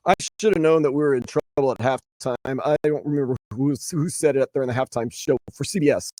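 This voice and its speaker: A man's voice: mid-range voice, quick pace, dark tone, dry recording. A man from New Orleans hosting a call-in sports radio show, swinging between weary and fired up.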